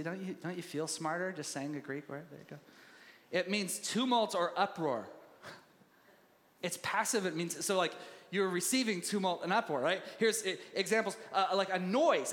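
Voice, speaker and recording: A male pastor preaching a sermon in a conversational, animated way and laughing easily. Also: high voice, big-room sound.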